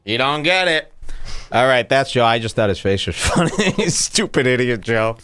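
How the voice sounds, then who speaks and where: A man's voice: mid-range voice, animated, moderate pace, bright, forceful tone, clean tone. A man hosting a podcast, mocking clips he plays in a crude, rambling way. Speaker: podcast host. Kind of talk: casual commentary over clips.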